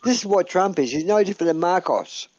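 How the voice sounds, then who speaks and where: A man with an Australian accent, co-hosting a livestream, rambling in halting casual political chat. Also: high-pitched, darkish tone, dry recording, muffled recording. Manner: rambling, halting, spells words out. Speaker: livestream co-host.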